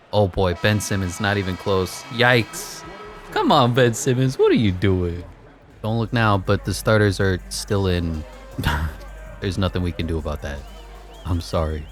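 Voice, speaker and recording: A man giving casual, excitable commentary over his own gameplay, laughing at the game and mocking himself. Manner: excitable, voice jumps high when hyped. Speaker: gaming commentator.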